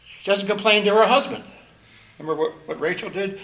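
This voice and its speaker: A man's voice: high-pitched, big pitch swings, a little fast, fairly bright tone, roomy sound, low-quality recording. A man preaching a sermon, reading scripture aloud and explaining it, earnest and emphatic, repeating phrases for stress. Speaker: pastor.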